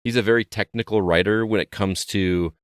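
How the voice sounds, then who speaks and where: A man's voice: lowish voice, fairly even intonation, brisk, smooth, no echo, studio quality. A man co-hosting a podcast, telling a rambling story in casual chat with frequent restarts. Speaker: podcast co-host.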